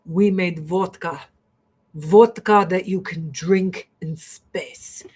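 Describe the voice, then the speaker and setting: A woman voicing a proud Russian museum guide who boasts slowly in broken English with a Russian accent. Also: high voice, fairly even intonation, darkish tone, slightly rough, exaggerated voice. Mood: boastful. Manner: slow, deliberate boasting.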